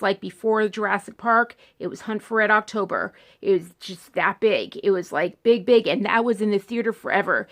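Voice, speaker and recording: Talking casually on her vlog, a woman in her thirties gushes about movies she loves, her fairly high voice carrying a bit of brightness. Her speech wanders, with sentences often cut short and restarted.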